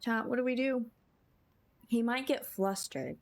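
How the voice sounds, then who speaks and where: A woman's voice: on the high side, expressive, unhurried. A woman streaming a story game, chatting and giggling with her chat as she plays. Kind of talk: casual game commentary. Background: game music.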